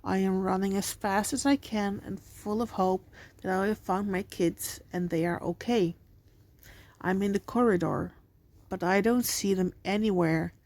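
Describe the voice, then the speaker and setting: A woman hosting a channel, narrating a scripted scary story in a slow, deliberate reading voice. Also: medium pitch, fairly even intonation, darkish tone, no echo. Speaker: channel host and story reader.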